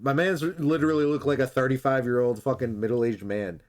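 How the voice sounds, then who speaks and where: Man, mid-pitched voice, casual talk, laid-back, swears a lot. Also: steady tone, brisk, a little mellow. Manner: laid-back, swears freely, acts out characters' lines. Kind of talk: casual chat recapping an anime episode.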